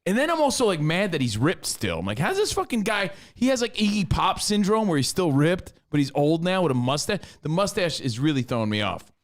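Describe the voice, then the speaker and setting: A man co-hosting a radio show, telling stories in casual, excitable banter. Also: fairly high pitch, fairly quick, few pauses. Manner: animated, excitable storytelling.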